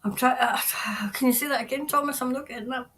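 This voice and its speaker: Earnest tarot reader, woman, middle-aged, higher voice, halting delivery, repeats herself. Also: a bit bright, low-quality recording. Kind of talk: spontaneous psychic reading.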